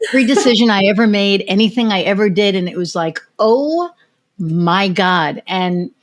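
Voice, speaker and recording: A woman's voice: mid-range voice, fairly even intonation, fast talker, a little hiss or hum. An American woman hosting a podcast, telling personal stories in casual interview chat and swearing freely. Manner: candid storyteller who swears freely. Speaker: podcast host.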